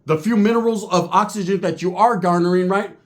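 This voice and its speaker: This is a profane storytelling monologue from a California man who used to be in prison. Animated and crude, he speaks a little fast and imitates the voices of the characters in his yarn. His pitch sits slightly above the typical man's.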